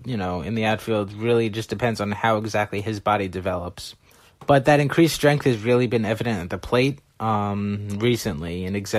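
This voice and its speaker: A man's voice: fairly low pitch, no echo. A man talking through baseball prospects in a casual, analytical way, now and then correcting himself. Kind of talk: solo scouting commentary.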